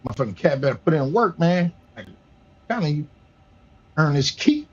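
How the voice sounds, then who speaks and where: Profane high-voiced man streaming at home. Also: big pitch swings, moderate pace, pauses often, breathy edge, muffled recording. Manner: profane, loose, talks to family off-mic while streaming. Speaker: flight sim streamer. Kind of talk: casual livestream chat. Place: home gaming room.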